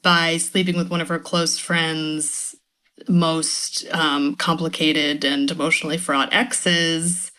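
A woman's voice: low-pitched, flat delivery, takes it slowly, pushed and bright. A woman who is a guest writer on a podcast, talking thoughtfully in casual chat and laughing now and then.

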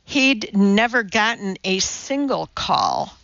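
A woman narrating an audiobook in a measured, even storytelling manner. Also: medium pitch, creaky, no echo, muffled recording. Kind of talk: scripted narration.

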